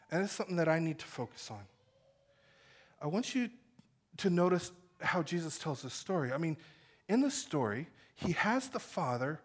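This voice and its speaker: A man preaching a sermon as pastor, with impassioned delivery that swings between loud calls and quiet, intimate stretches. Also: sits high.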